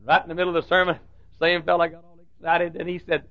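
A man's voice: fairly high pitch, completely flat delivery, fast talker, fairly bright tone, no echo. An older man preaching a sermon with humorous storytelling and rhythmic repetition, in a muffled lo-fi recording.

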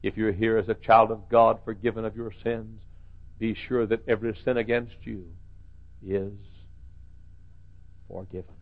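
Gravelly preacher man, tinny recording. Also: on the low side, level tone, normal speed. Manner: swings from hushed to shouting. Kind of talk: sermon. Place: church.

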